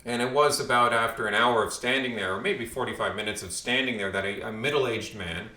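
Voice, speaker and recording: A man talks through a casual monologue that rambles and often restarts mid-phrase. His voice is bright and forward. A roomy echo sits around it. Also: mid-range voice, brisk. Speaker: commentator vlogger.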